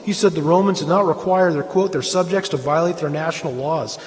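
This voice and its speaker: Man, high voice, emphatic church talk, lingering hall reverb. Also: fairly quick. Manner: emphatic, rises in pitch and volume when pressing a point. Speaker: speaker at a church Easter event. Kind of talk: impassioned lecture-style talk.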